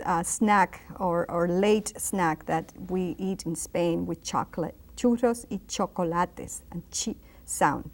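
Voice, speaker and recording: A woman's voice: medium pitch, a little mellow. A woman teaching a televised language lesson, patiently repeating and spelling out each word. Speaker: Spanish teacher.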